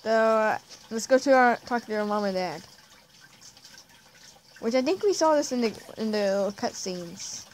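Casting: young female gamer, casual chatter, higher voice, light hiss behind. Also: lively intonation, moderate pace, rough recording. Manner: chatty, giggly, self-mocking. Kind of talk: casual let's-play commentary.

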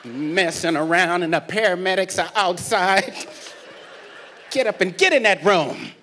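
A man's voice: high-pitched, a little slow, pushed and bright, a little hiss or hum, pitched below the performer's own voice. A man playing a stern scolding mother. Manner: bossy, snapping orders.

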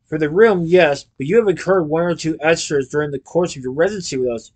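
A man reading a storybook, voicing a greedy, scheming older landlady with a sly, low, wheedling manner. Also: quick pace, natural voice.

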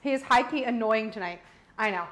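A woman's voice: a little high, brisk, a bit bright. A young woman hosting a live cooking stream, chatting casually and teasing her partner with frequent laughs. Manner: playful, laughs often, teasing. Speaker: cooking show host.

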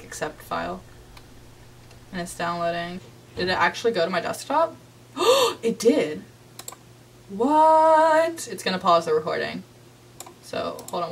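A woman's voice: lowish voice, creaky, recorded from a distance, slight background noise. A young woman chatting casually through a let's-play of a game from her bedroom, reading chat messages aloud with a giggly, playfully dramatic manner. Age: young adult. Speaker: gaming YouTuber. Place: home bedroom.

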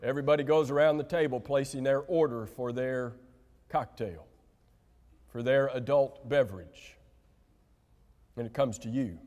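A man preaching a sermon to a congregation, emphatic and slowing down to stress key words, often asking them direct questions. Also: medium pitch, darkish tone. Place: church sanctuary. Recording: reverberant church hall.

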